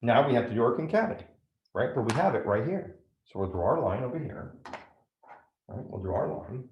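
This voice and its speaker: A man's voice: mid-range voice, sing-song, a little fast, roomy sound, muffled recording. A man teaching a math lesson step by step, often checking in with "right?". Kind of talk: classroom lecture at a whiteboard.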